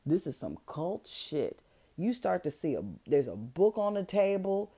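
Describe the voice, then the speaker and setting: A woman hosts a podcast and recaps a film in loose, chatty storytelling packed with fillers and slang. Her low-set voice swings widely in pitch as she gets caught up in the story. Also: big pitch swings, unhurried, dark tone, husky. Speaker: podcast host. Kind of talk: casual movie recap.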